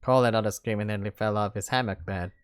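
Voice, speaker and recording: A man's voice: lowish voice, steady tone, fast talker, clean tone, no room sound, clean studio sound, faint music behind. A man reading a visual novel aloud, breaking off for jokey asides and laughter. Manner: laughs often and breaks off to crack jokes. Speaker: narrator and commentator.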